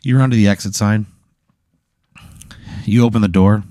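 A man with a fairly low, mellow voice leads an improvised story, rambling and packing in fillers. The sound is dry and close. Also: steady tone, moderate pace, no echo. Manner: rambling, filler-heavy narration. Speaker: game master of an improv bit.

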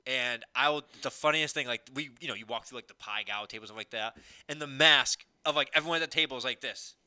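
A man with a very bright, clean voice tells sarcastic stories on a casual podcast with friends. His slightly high voice sits close and dry on the mic. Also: fast talker, no room sound. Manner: storytelling, sarcastic. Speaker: podcast co-host. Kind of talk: casual banter among friends.

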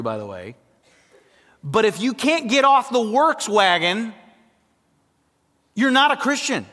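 A man preaching a sermon as pastor, emphatic, swinging from loud to hushed and acting out quoted voices. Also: high voice, in a large hall.

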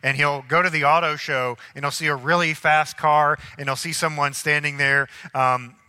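A male pastor delivers a sermon, acting out the people in his stories with animated energy. His voice is strikingly bright and a touch high. It carries the long reverb of a large church hall. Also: moderate pace, clean tone.

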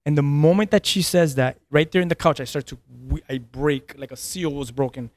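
A thirtysomething pastor tells a personal story on a podcast, his voice on the high side, brisk, and a little mellow in a dry recording. His manner is earnest, with frequent repeated words and laughter between lines.

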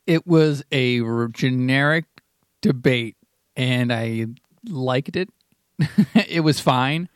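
A man's voice: medium pitch, slow pace, pauses often, smooth, no room sound, studio quality. A man co-hosting a podcast in casual chat, wry and joking.

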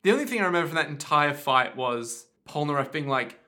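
A man's voice: a little high, lively intonation, fast talker, bright, forceful tone. A man co-hosting a podcast, chatting casually, swearing and breaking into goofy impressions. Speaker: podcast co-host. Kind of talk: casual comedic recap chat.

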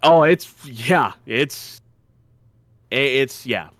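A man's voice: medium pitch, expressive, extremely slow, fairly bright tone, no room sound. A man co-hosting a podcast in casual chat, blunt and joking, swearing often. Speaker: podcast co-host.

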